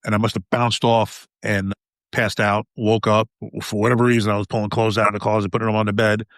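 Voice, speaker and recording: A man in his fifties speaks candidly and bluntly, with cursing, in a fairly low voice. The sound is dry and close, without any room echo. He tells his story in a conversational way. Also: little pitch movement, fast talker, fairly bright tone. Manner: blunt, profane, emotional. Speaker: podcast guest, retired police officer.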